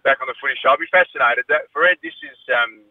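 A man's voice: fairly high pitch, huge pitch swings, fast, gravelly, breathy edge, dry recording. A man calling in to a radio show, chatting casually with lots of fillers and laughs. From South Australia. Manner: chatty, hesitant with many fillers, laughs often. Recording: tinny phone-line radio sound.

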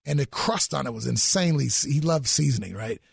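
Gravelly, animated man. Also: medium pitch, fairly quick, dry recording, studio quality. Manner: animated, exclaiming about food. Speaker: guest. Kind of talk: enthusiastic interview chat.

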